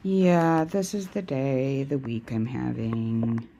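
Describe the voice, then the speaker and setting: This tarot reader sounds tired and yawns as she streams live, shuffling cards and chatting casually, teasing herself, and addressing both viewers and herself. Her voice is extremely low-pitched and steady, and she takes her time. The audio is very noisy.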